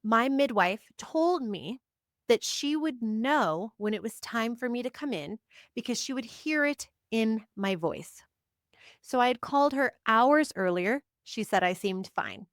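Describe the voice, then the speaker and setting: Here a psychic reader and spiritual teacher chats to camera in a personal monologue, her voice a little high and animated, her pace a little slow. The recording is dry and studio quality. She says "like" often and strings together brief, emphatic affirmations and chatty tangents.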